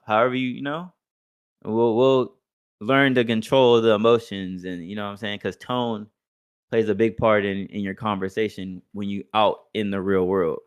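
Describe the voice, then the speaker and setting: A young man with a fairly low voice talks casually on a podcast. He is loose and profane, and he keeps slipping into other people's voices to act out what they said. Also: flat delivery, normal speed, clean tone, dry recording, studio quality. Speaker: podcast co-host. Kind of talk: casual chat.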